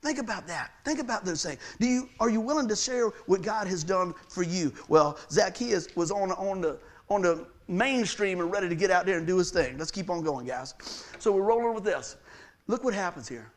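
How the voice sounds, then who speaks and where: A man preaching with a high, bright voice that swoops up and down as he goes. He tells stories from his own life, laughs often and slips into the voices of the people in them. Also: animated, moderate pace. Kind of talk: lively sermon with personal stories.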